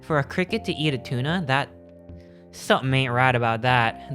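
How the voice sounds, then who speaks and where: A man's voice: mid-range voice, moderate pace, fairly bright tone, soft background music. A man streaming, chatting casually with his live chat in a rambling, joking way, often stopping mid-sentence to restart. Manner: rambling, jokey, self-interrupting.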